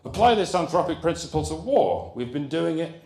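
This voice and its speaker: A man giving a comic lecture at a conference, animated and jokey with rambling asides. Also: on the high side, brisk. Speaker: comedian giving a conference talk. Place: conference hall. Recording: roomy hall echo.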